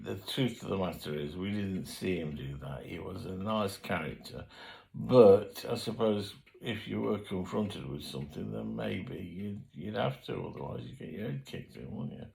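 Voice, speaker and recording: Gravelly older man reminiscing. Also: fairly low pitch, a little mellow, rough recording. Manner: rambling, colloquial, frequent fillers and self-corrections. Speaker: memoir storyteller. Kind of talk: casual spoken memoir.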